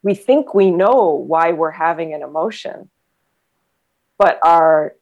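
A woman's voice: deep voice, slow, a little mellow, highs cut off. A woman in casual conversation, a former trauma nurse and body therapist who talks reflectively, rambling with many fillers.

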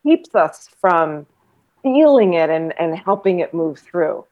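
A woman's voice: lowish voice, animated, slow, narrow, tinny audio. A woman in casual conversation, a former trauma nurse and body therapist who talks reflectively, rambling with many fillers.

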